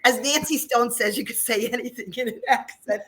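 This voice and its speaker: A woman in her fifties from New Jersey, owner of a dance studio, gives a casual interview full of stories and laughter. Her voice is a little high and her pace moderate.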